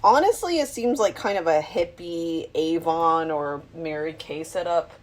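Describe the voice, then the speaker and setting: At a measured pace and in a low-pitched voice, a woman chats to the camera while cooking in her small apartment kitchen. As a home cooking vlogger, she's relaxed and rambling, thinking aloud and drifting between ideas.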